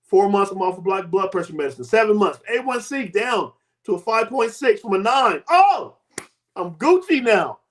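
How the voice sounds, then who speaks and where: Man in his 50s, high voice, guest telling a story with animated voices for the people in it. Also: normal speed. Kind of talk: personal testimony.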